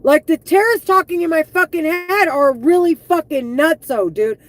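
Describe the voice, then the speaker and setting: A woman live streaming an angry, profane monologue, heated and full of halting restarts. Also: very high-pitched, low-quality recording.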